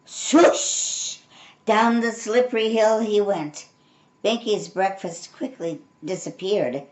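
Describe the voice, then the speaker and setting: An older woman reading a storybook aloud, gentle and unhurried, with friendly asides to young listeners. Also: medium pitch. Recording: roomy echo.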